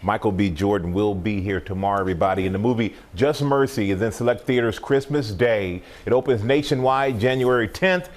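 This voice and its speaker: A man's voice: lowish voice, fairly quick, few pauses. A man hosting a morning TV show, asking plain conversational questions and giving brief affirmations. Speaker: morning TV host. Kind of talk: TV interview hosting.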